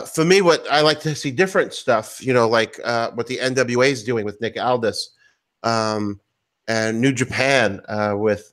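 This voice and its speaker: A man co-hosting a podcast in casual chat, emphatic and quick to agree and add detail. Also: medium pitch. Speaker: podcast co-host.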